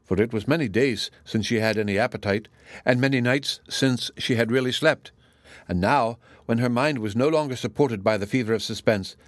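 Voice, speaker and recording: A man reading a classic novel aloud as an audiobook narrator, in a measured, even manner. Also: mid-range voice, no room sound.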